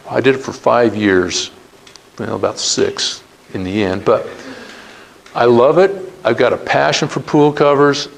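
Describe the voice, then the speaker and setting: A middle-aged man speaks to students as a guest speaker, telling his story in an earnest way. His voice sits at an ordinary pitch for a man. He acts out the dialogue he quotes. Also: creaky, a little hiss or hum, poor audio.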